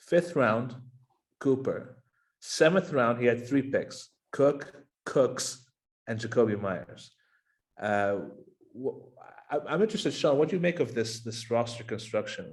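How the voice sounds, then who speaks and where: A man's voice: mid-range voice, expressive, unhurried. A man hosting a casual fantasy football podcast, asking his cohosts questions in a playful, joking way. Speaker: podcast host.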